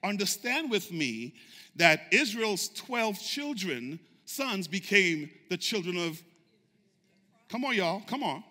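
Fervent, shouting pastor in an echoing sanctuary. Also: male voice, high voice, big pitch swings, slow pace. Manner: fervent preaching, shouting, call-and-response with congregation. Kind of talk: sermon. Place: church sanctuary. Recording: echoey church sanctuary reverb.

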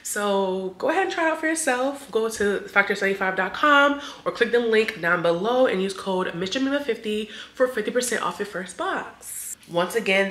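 A woman's voice: mid-range voice, sharp tone, echoey room. A young woman vlogger, chatting playfully and directly to her viewers. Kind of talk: casual sponsored vlog chat.

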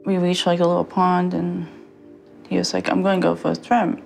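Young woman, gravelly low voice. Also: flat delivery, darkish tone, soft background music. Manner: halting, many fillers and restarts, quotes others. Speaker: survivor telling her story. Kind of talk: personal testimony.

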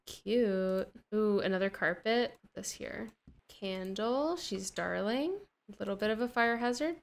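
Young female gamer, slow unhurried delivery, gasps and gushes over every find, slangy self-talk. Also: a little high, creaky. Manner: gushing, easily delighted, gasping often; slang-heavy, talks to herself while playing. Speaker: gaming streamer. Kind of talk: casual gameplay commentary.

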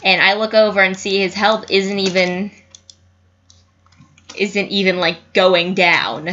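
A young woman giving casual gameplay commentary, excitable, swearing and yelling at the screen. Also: medium pitch, slow, long pauses, dull audio, a little hiss or hum. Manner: excitable, yells at the screen, frequent cussing. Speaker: gaming youtuber.

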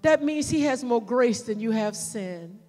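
A woman pastor leading a fervent sermon and altar call, shouting prayers and pleading with the congregation. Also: a little high, lively intonation, measured pace, big-room sound. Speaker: senior pastor.

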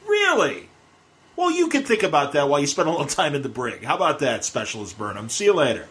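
A man's voice: fairly high pitch, sing-song, quick pace, fairly bright tone. This is a man putting on a stern starship captain with a sarcastic, scolding edge. He talks down to an insubordinate officer, and the voice stays close to an ordinary speaking voice.

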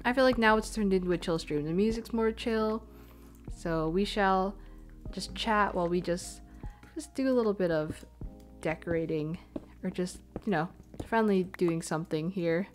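A woman's voice: medium pitch, moderate pace, faint music behind. Chatty young woman thinking aloud. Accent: Canadian English. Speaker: streamer. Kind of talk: casual live-stream chat while gaming. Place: home room, stepping away from the mic at times. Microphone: desk microphone.

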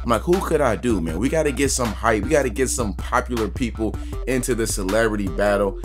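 A man giving casual gameplay commentary as a YouTuber, talking loose and slangy to his viewers and getting excitable over the action. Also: lowish voice, fairly quick, over music. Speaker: gaming YouTuber.

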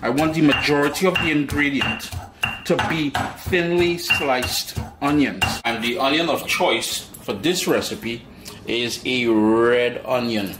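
A man's voice: mid-range voice, measured pace, very noisy. Chatty man in a roomy kitchen. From Trinidad and Tobago. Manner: folksy, chatty, addresses viewers directly. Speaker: cooking show host. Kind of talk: casual cooking demonstration. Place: home kitchen.

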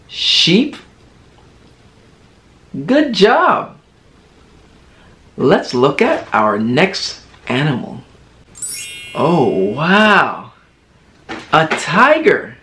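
A man teaching toddlers their first words, modelling each word slowly and with exaggerated sing-song emphasis. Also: a little high, huge pitch swings, pushed and bright. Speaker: children's teacher. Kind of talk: slow toddler lesson.

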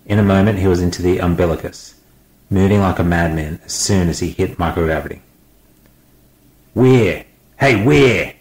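Deep-voiced man narrating an audiobook. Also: fast talker, echoey room, rough recording. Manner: steady dramatic reading.

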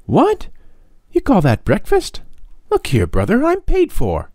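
A man voicing a cheeky, restless schoolboy in a storybook reading, with a high boyish voice. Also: huge pitch swings, unhurried, mellow, no room sound, studio quality, full character voice. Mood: outraged. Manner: indignant, exclaiming.

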